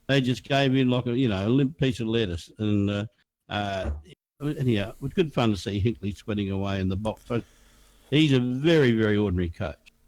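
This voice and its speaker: A low-voiced Australian man trades sharp, scornful takes in a casual footy chat and trips over his words as he restarts sentences. The sound is dry and close to the mic. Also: a little fast, no room sound. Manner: blunt and scornful, with frequent restarts. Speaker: podcast co-host.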